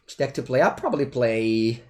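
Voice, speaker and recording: A man's voice: medium pitch, expressive, normal speed. A man, chatting playfully through casual commentary while playing a digital card game. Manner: chatty and playful, breaking off to talk to his cat. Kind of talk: casual live-play commentary.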